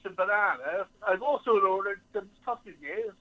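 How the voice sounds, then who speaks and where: A man's voice: sits high, lively intonation, normal speed. A man from Somerset calling in to a chat show, talking plainly with plenty of ums. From Somerset, England. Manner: chatty, plain-spoken, hesitant with ums. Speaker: caller. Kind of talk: casual phone-in chat. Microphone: telephone. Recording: lo-fi phone line.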